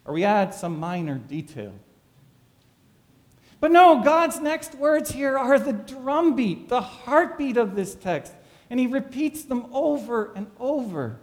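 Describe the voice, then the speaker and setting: High, lively preaching man. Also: slow pace, long reverb tail. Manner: dramatic preaching with rhetorical questions. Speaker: pastor. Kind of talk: sermon.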